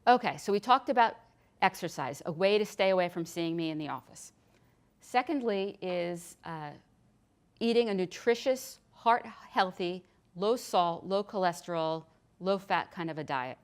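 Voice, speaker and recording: A woman's voice: lowish voice, animated, normal speed, clear, resonant tone. A middle-aged woman nurse practitioner giving a chatty, practical health lecture. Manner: chatty and practical, with frequent restarts. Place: hospital lecture room.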